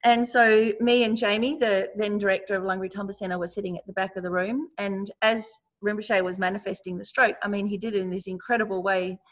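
A woman's voice: medium pitch, steady tone, brisk, few pauses. Give me a Buddhist teacher, a woman, speaking in a mid-range voice through a somewhat dull online call line. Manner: earnest, personal storytelling with frequent restarts. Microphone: video call.

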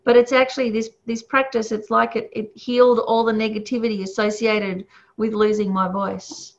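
A woman teaches in a loose, conversational way, with frequent laughs and many fillers. Her voice sits a touch high. The recording sounds dull and lo-fi. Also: flat delivery, moderate pace. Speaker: Buddhist teacher. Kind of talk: casual teaching talk. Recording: muffled lo-fi recording.

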